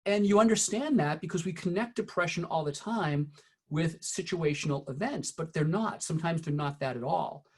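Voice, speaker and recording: A middle-aged man giving a teacher-training talk, telling true stories from his classroom in an earnest, halting way with frequent restarts. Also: on the high side, husky. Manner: earnest storytelling, frequent "uh" and restarts, quiet when recounting.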